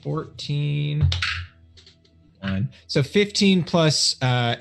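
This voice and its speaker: A man's voice: a little high, expressive, extremely slow, vocal fry, faint music behind. A man playing a tabletop game, easygoing and hesitant as he adds up his rolls. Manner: easygoing, hesitant while adding up dice. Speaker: player.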